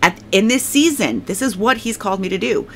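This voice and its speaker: A woman's voice: medium pitch, big pitch swings, a little fast, a bit bright, slight background noise. A woman giving a casual spoken faith testimony, rambling and emphatic, leaning on "like" and repeating herself, and now and then thanking God aloud. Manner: prays aloud.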